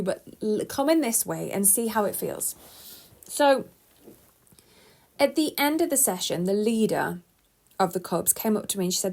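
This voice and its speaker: A middle-aged woman hosting a solo podcast, talking in a chatty, animated way with quick restarts. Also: medium pitch. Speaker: podcast host and coach. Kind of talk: casual solo podcast talk.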